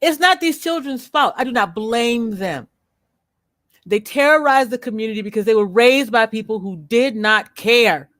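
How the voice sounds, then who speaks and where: A woman hosting a livestream, speaking bluntly and with profanity as she rants at viewers, slowing down to stress her words. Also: a little high, a bit bright, no echo, studio quality. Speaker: livestream host. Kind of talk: unscripted livestream commentary.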